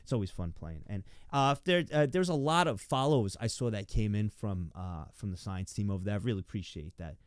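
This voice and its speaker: A man's voice: lowish voice, expressive, brisk, hardly any pauses, clear, resonant tone, no room sound, studio quality. A young man streaming from home, rambling and stammering as he thanks his viewers. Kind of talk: live stream chat.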